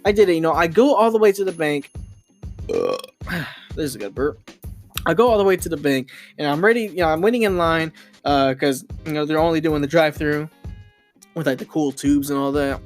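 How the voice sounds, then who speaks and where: A man's voice: on the high side, brisk, soft background music. A young man hosting a casual podcast, rambling with lots of fillers and restarts as he tells a frustrating story into his home microphone. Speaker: podcast host.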